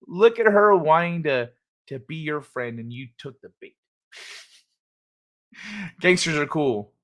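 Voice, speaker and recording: A man's voice: on the high side, lively intonation, slow pace, fairly bright tone. A man hosting a casual livestream, rambling and joking with his chat. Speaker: livestream host.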